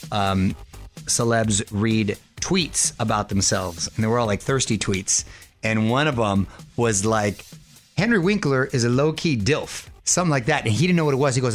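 A man co-hosting a radio show, telling family stories in casual chat with frequent laughter. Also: on the low side. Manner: laughing, animated storytelling.

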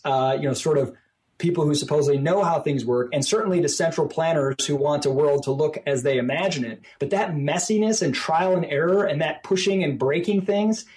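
A man talking on a podcast in easy, casual conversation. His voice sits a touch high. He gets animated and slips into little quoted voices to make his point. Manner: animated, acts out quoted voices at higher pitch. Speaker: podcast guest. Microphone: podcast microphone.

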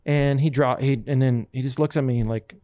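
A man casually telling a long story, acting out what others said in lively voices. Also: medium pitch, moderate pace. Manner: animated, quotes others in lively put-on voices.

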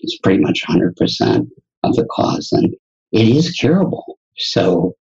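Through dull audio comes a medium-pitched, slightly rough male voice at a measured pace. He's an entrepreneur and educator appearing as a guest, recounting something from his own life and bringing the dialogue to life as he goes.

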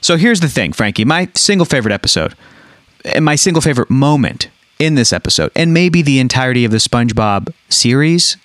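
A man's voice: mid-range voice, expressive, fairly quick, a bit bright, no room sound. A man co-hosting a podcast in casual, enthusiastic chat. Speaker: podcast co-host.

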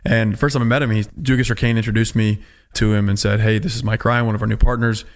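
Low gravelly man hosting. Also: quick pace. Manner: relaxed, asks short follow-up questions. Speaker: host, orthopedic surgeon. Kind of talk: casual interview.

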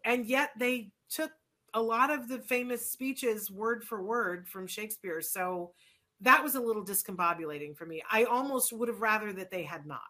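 A woman's voice: medium pitch, moderate pace, pushed and bright. A woman hosting a talk show, chatting in a rambling, opinionated way with many restarts. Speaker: show host. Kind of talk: casual chat.

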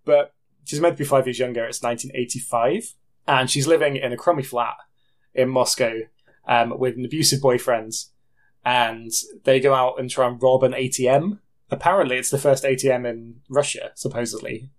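A man's voice: mid-range voice, fairly even intonation, normal speed. A man, co-hosting a podcast and recapping a film plot in a loose, self-correcting way. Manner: rambling, self-correcting, laughs at himself. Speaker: podcast co-host. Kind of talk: casual film review chat.

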